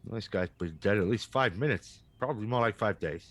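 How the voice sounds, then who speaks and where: A man voicing a dim-witted male blood hunter, a cowboy with a slow, joking drawl. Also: fairly low pitch, fairly bright tone, no echo. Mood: matter-of-fact.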